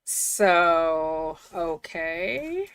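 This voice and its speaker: A woman's voice: fairly low pitch, big pitch swings, very slow, fairly bright tone, smooth. A woman reading official documents aloud and breaking off for casual, incredulous commentary. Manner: chatty, incredulous, often laughing.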